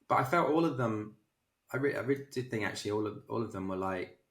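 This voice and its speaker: A film director, a man, telling anecdotes in an animated, self-deprecating way as an interview guest. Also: lowish voice, fast talker, far from the mic. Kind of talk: casual interview storytelling. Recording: roomy echo.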